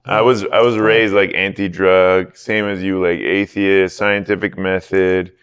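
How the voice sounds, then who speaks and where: A podcast host with a low voice and a smooth, resonant tone. He talks in casual chat, opinionated yet reflective as he weighs his views. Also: flat delivery, measured pace, fairly bright tone.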